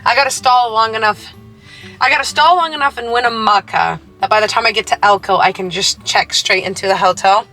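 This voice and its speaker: A woman talking casually to camera as a travel vlogger, chatty and easily excited, thinking out loud as she goes. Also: fairly high pitch, brisk, faint music behind. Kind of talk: casual vlog chat to camera.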